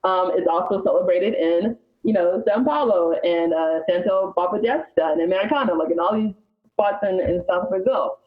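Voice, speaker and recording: An Alabama woman appears as a podcast guest, explaining history in a chatty, informal style. Her voice runs on the low side at a moderate pace. The lo-fi recording sounds slightly dull.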